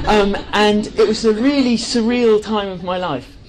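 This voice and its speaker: A man's voice: high-pitched, slow pace, low-quality recording. A man giving an enthusiastic presentation to a live audience, chatty and full of fillers and restarts. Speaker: speaker at a live talk.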